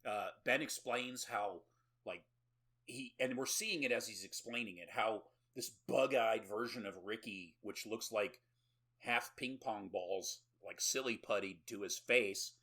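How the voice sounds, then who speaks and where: A man's voice: on the low side, a little slow, bright, forceful tone. A man co-hosting a horror movie podcast, recapping a film in a casual, sarcastic way with swearing and laughing asides. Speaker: podcast co-host.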